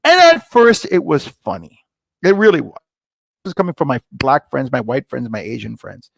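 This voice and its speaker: A middle-aged man, a guest on a podcast, telling his story in a lively way and acting out the dialogue. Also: medium pitch, moderate pace, creaky, no room sound. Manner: lively storyteller, acts out dialogue with rising excitement. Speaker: scotch company founder, guest. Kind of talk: animated storytelling interview.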